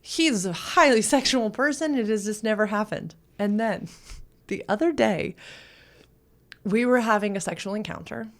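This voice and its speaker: A woman's voice: medium pitch, normal speed. A woman hosting a casual podcast as a sexuality educator, telling a funny story with lots of laughter. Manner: storytelling, laughing often, animated.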